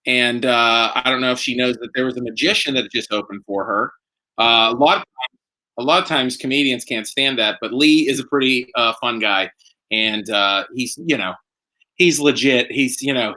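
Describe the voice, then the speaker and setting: Guy rambling on a home livestream, pretty hyped, bright sharp voice. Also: medium pitch, moderate pace. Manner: rambling and excitable, chatting while drinking. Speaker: host. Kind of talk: casual livestream chat.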